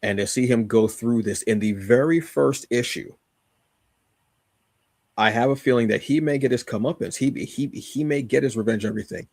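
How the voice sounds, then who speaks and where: A man's voice: medium pitch, normal speed, darkish tone, dry recording, clean studio sound. A man co-hosting a podcast, casually reviewing a comic with rambling enthusiasm, many fillers and restarts.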